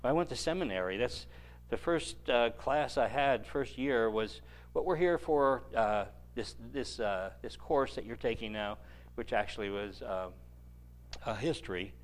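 Animated male preacher, dry humor. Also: medium pitch, a little slow. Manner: animated storytelling with dry joking asides. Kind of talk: sermon.

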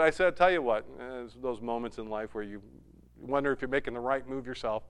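A man's voice: medium pitch, a little fast, clean tone. A middle-aged man preaching a sermon, telling a family story and rising to emphatic peaks. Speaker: pastor.

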